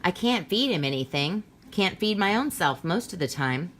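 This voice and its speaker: A woman reading as a weary homeless male war veteran, talking quietly and haltingly. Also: on the low side, lively intonation, a little hiss or hum, lightly acted.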